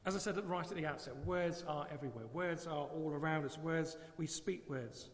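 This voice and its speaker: An earnest male preacher delivers a sermon and checks in with the congregation through rhetorical questions. His voice sits fairly high. It rings out in a live church with a long hall echo. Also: moderate pace.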